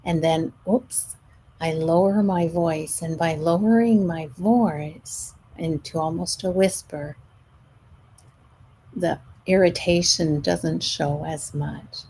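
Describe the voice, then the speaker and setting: A middle-aged woman coaching her listeners in a slow, unhurried way, her voice low, gravelly and mellow. She speaks gently and now and then sinks almost to a whisper. A faint hiss sits behind her. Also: low-quality recording. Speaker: stress management coach. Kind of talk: live show monologue.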